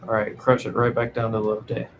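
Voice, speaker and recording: A man's voice: on the low side, monotone, brisk, dull audio, slight background noise. A man co-hosting a live trading stream, asking questions and reading out news headlines. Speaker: trading co-host.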